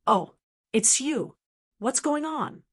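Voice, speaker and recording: A cold, commanding old man of rank from a fantasy audiobook, put on by a woman narrator. He speaks sharply and expects to be obeyed. The voice sits slightly higher than the narration. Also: lively intonation, slow pace, fairly bright tone, husky, heavily acted. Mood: cold anger. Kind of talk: audiobook character reading.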